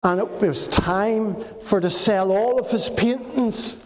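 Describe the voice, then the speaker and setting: A man preaches to children, spinning a story in a slow, dramatic way. His voice sits high and he takes his time over each phrase. He is heard in a roomy hall with a long, ringing reverb. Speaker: preacher giving a children's talk. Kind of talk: storytelling sermon. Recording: echoey hall, faint noise.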